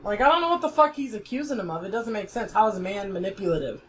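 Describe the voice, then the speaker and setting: A woman's voice: medium pitch, animated, fast, few pauses. A woman giving a heated, blunt commentary, swearing freely as she picks apart an online argument. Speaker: YouTube commentator. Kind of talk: ranting commentary.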